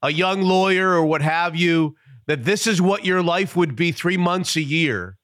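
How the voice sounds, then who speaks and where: Male radio host, high bright voice, friendly interviewer, dry studio. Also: unhurried, no room sound.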